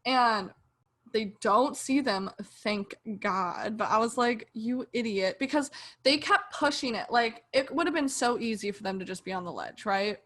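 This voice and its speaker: A woman's voice: a little high, lively intonation, normal speed, fairly bright tone. A young woman co-hosting a podcast, animatedly retelling a TV episode and acting out her own reactions. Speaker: podcast co-host. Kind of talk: casual chat reviewing a TV show.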